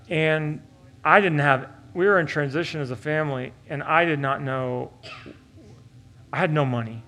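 Male pastor, storytelling sermon, fairly high voice. Animated, loud to hushed and earnest. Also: normal speed. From Oklahoma.

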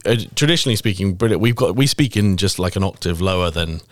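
A man's voice: sits low, animated, fast, no echo. A middle-aged British man, an actor, chatting in an interview in a rambling, self-deprecating way full of fillers and restarts. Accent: British English. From England. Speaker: actor, podcast guest. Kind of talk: casual interview chat.

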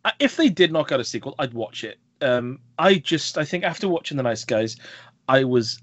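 A man co-hosting a podcast, chatting casually about films in an animated, joking way and now and then mimicking voices from the films. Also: medium pitch, moderate pace, dry recording. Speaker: podcast co-host. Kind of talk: casual film review chat.

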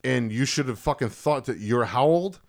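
A man's voice: mid-range voice, lively intonation, moderate pace. A man with an East Coast accent telling a heated story on a podcast, swearing freely. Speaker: podcast co-host. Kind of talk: casual podcast chat.

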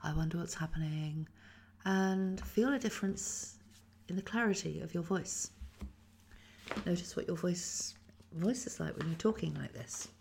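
A woman who is a voice teacher, calmly guiding a voice exercise and demonstrating the sounds herself. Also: on the low side, a little slow, gravelly, slight background noise. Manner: calm, instructive, demonstrates sounds. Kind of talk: guided voice exercise.

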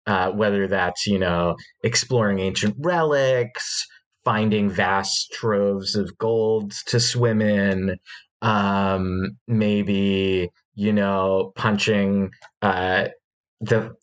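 A man's voice: on the low side, fairly even intonation, very slow. A man describing his tabletop game character, hesitant and full of fillers, often fighting back laughter. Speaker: player.

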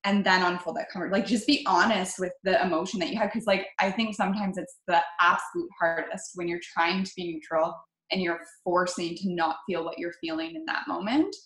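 A woman's voice: on the low side, a little fast, fairly bright tone, reverberant, rough recording. A woman talking in an upbeat, chatty way, full of "like" fillers. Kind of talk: casual conversation.

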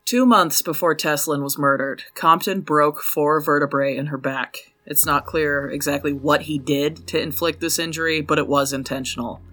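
A man's voice: on the high side, fairly even intonation, normal speed, few pauses, sharp tone. A man hosting a true crime podcast, reading a scripted case with blunt, profane anger. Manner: blunt and profane, openly angry.

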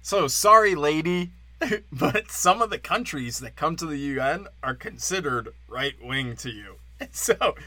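A man's voice: a little high, animated, measured pace, pushed and bright, no echo. Brash, profane young man ranting. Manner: blunt, profane, mocking. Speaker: comedian and podcast host. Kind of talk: casual comedic rant.

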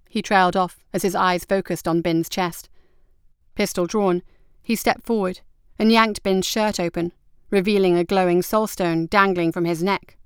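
A woman narrating an adventure story in a steady, even storytelling manner. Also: lowish voice, moderate pace, clean tone, dry recording, studio quality. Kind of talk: audiobook narration.

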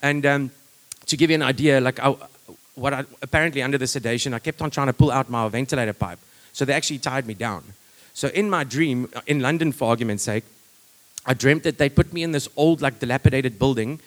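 A man's voice: medium pitch, fast talker. A man giving a personal testimony in a rambling, conversational way, full of fillers and restarts.

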